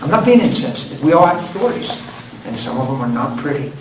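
A man's voice: mid-range voice, big pitch swings, quick pace. A man preaching a sermon, telling a story with emphasis and acting out the quotes. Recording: roomy hall, distant mic, background noise.

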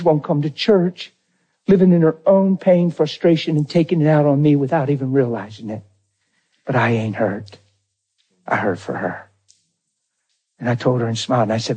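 A man preaching a personal testimony, acting out the dialogue, swinging from near shouts to hushed tones. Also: on the high side, normal speed, long pauses, slightly rough. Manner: acts out dialogue in his story. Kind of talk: testimony sermon.

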